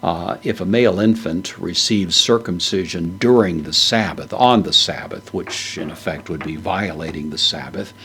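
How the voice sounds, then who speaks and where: A man's voice: deep voice, normal speed, few pauses, fairly bright tone, a little hiss or hum. A man giving a verse-by-verse Bible lesson, methodically parsing Greek words with frequent hesitant fillers. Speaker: Bible teacher. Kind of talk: verse-by-verse Greek exegesis lecture.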